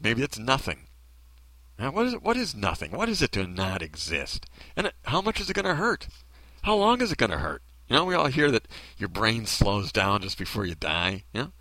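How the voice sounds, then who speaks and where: A man's voice: lowish voice, pushed and bright, no room sound. A man delivering a bitter, sarcastic ranting monologue full of rhetorical questions.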